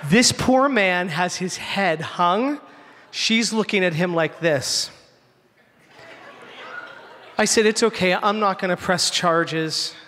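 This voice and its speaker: A man telling a true personal story on stage before a live audience, animated and slowing down for punchlines. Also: sits high, some chatter behind. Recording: hall reverb, faint ambience.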